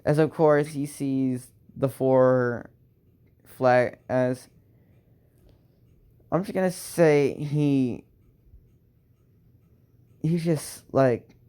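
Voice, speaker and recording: A young man improvising a fan story aloud, halting and restarting with lots of fillers and sighs. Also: medium pitch, dark tone, clear, resonant tone.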